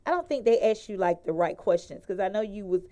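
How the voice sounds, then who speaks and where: A woman's voice: medium pitch, expressive, fairly quick, dark tone. A woman hosting a live interview show, chatting loosely and laughing easily. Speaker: show host.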